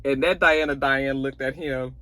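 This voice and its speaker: Animated woman recapping a TV episode. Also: rumbling low, normal speed, no echo. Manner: animated, profane, acts out characters' lines. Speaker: TV episode reviewer. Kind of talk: casual TV recap.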